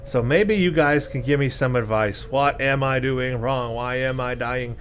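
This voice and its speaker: A man's voice: mid-range voice, a little slow, fairly bright tone, a little hiss or hum. Exasperated man narrating his gameplay. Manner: self-deprecating, exasperated musing. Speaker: let's play host. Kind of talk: gameplay commentary.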